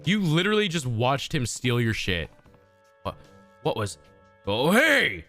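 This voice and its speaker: Profane, animated male game streamer. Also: mid-range voice, measured pace, pauses often, faint music behind. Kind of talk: casual gaming commentary.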